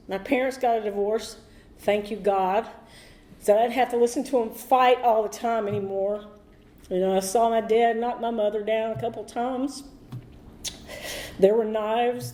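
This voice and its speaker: A woman's voice: fairly high pitch, moderate pace, warm tone. A middle-aged woman from North Carolina, speaking candidly and a little ramblingly at a recovery meeting. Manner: candid, rambling, emotional at times. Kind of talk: personal recovery talk. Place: meeting room.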